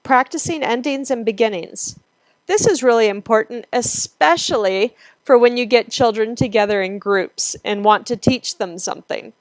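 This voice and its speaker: A woman instructor explaining child language development in a clear, steady teaching voice. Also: fairly high pitch, moderate pace, no echo. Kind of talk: recorded lecture.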